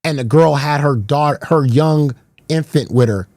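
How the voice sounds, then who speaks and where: A man rants to his stream audience, raised in pitch and heated, repeating his points and swearing at rivals. The sound is dry and close, with no room around it. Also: a little slow, a little mellow, no room sound. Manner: confrontational, profane, repeats himself. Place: garage.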